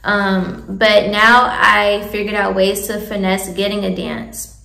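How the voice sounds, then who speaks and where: A woman's voice: medium pitch, little pitch movement, takes it slowly, creaky, pushed and bright, echoey room. A young woman in a casual, candid advice chat, chatty and laughing often. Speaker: vlogger giving advice.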